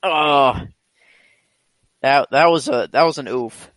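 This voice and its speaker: A man's voice: mid-range voice, takes it slowly, a bit bright, no room sound. A laid-back young man in a casual podcast chat who says bro and man. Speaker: podcast co-host.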